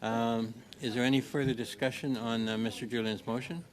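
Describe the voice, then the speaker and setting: Brisk man chairing a committee. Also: mid-range voice, steady tone. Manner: brisk, procedural, with many filler sounds. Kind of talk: chairing a meeting. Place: committee room.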